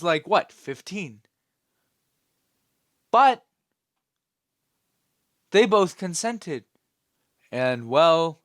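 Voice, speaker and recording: Slow, opinionated young-sounding man. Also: a little high, fairly bright tone, no echo, clean studio sound. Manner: rambling, opinionated, many fillers; scolding, dismissive. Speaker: channel host. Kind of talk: opinion commentary vlog.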